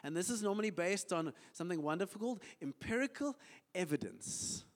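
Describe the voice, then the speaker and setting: Man, South African accent, pastor, animated sermon, wide lively pitch, long church-hall echo. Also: fairly quick. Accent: South African English. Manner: animated preaching, acts out little dialogues.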